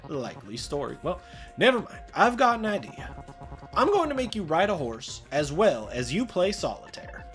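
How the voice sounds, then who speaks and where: A woman's voice: lowish voice, very animated, moderate pace, faint music behind. A woman voicing a playful old male angel who gambles, cheery and teasing.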